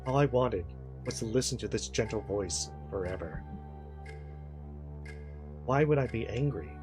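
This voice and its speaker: Brief: a man playing a sorrowful girl's ghost with a quiet, wistful delivery, with game music behind. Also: medium pitch, animated, unhurried, close to an everyday voice, rough recording. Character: sorrowful ghost of a young girl.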